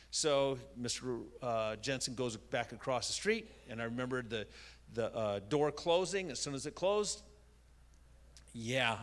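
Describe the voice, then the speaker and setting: A man's voice: on the high side, pushed and bright. An older man, a pastor, telling a personal story in a conversational, self-deprecating sermon style.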